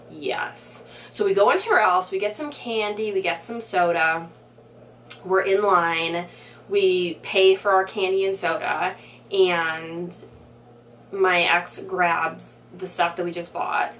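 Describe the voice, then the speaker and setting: Bright-voiced young woman telling a story. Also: mid-range voice, recorded from a distance. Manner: animated storytelling, many "like" fillers, acts out quotes. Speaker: vlogger. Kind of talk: storytime vlog.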